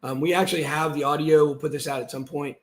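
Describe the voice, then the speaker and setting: A man hosting his channel, giving ranting commentary while reading through documents, swearing and swinging from muttering to shouting. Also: on the high side, fairly even intonation, fast. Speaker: channel host.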